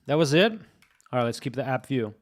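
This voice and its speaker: A man's voice: medium pitch, very animated, a little fast. Guy live coding on stream, talking to chat nonstop, says stuff twice, voice jumps all over. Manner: thinks aloud, repeats phrases, addresses chat. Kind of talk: casual live-stream commentary.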